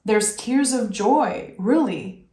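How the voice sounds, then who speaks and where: A woman doing a tarot reading, speaking softly and with feeling. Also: on the high side, animated, echoey room. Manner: slow, soft-spoken and emotional. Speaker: tarot reader.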